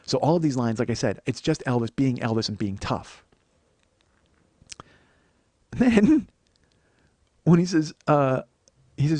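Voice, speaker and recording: A man's voice: mid-range voice, lively intonation, unhurried, pauses often, mellow, dry recording. A man hosting a comedy podcast, riffing through a rambling, profane monologue and cracking himself up. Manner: profane, rambling, breaks into laughter. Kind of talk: comic monologue.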